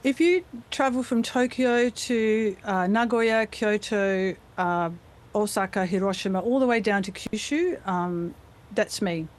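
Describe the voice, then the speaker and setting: A middle-aged Australian woman with a medium-pitched voice is a voice actor appearing as a guest in a live news interview. She's chatty and playful, slipping into quick impressions.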